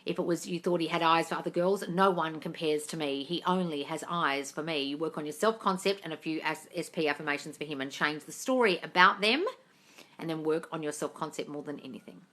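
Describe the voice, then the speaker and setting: A woman's voice: sits low, a little fast, pushed and bright. A woman doing a casual live Q&A, reading viewer questions aloud and answering them in a breezy, blunt way, calling people darling and swearing offhandedly. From Australia. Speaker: manifestation coach on a live stream.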